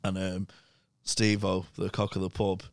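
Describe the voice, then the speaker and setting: A man tells crude pub stories in a loose, sweary ramble. His voice is low and gravelly, recorded close and dry. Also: completely flat delivery, a little slow, no echo. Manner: sweary, anecdotal. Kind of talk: casual chat, storytelling.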